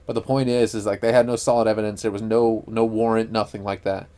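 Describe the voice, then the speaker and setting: A man's voice: lowish voice, level tone, fast, mellow. A man co-hosting a casual podcast, rambling and profane, with lots of fillers. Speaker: podcast co-host. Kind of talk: casual chat.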